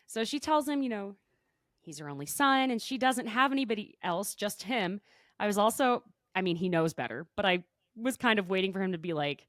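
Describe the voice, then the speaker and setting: A woman hosting a podcast, recapping a show in a chatty, animated way full of quick asides. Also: mid-range voice, no echo, clean studio sound. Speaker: podcast host. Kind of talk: casual recap chat. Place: podcast recording.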